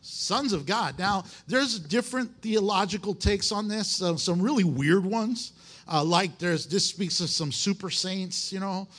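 High-voiced man preaching a folksy sermon. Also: a little slow, a bit bright, husky. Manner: emphatic and folksy, with restarts. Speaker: pastor. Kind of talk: conversational sermon.

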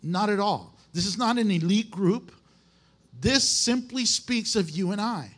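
A man's voice: sits high, a little slow. A man who is a pastor, preaching a conversational, emphatic sermon in a folksy way.

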